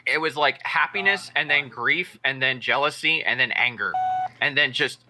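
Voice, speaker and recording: A man's voice: mid-range voice, normal speed. A man co-hosting a casual streamed podcast, telling stories animatedly and acting out what people said, with lots of swearing. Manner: animated storyteller, acts out quotes, lots of swearing. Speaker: podcast co-host. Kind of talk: casual chat.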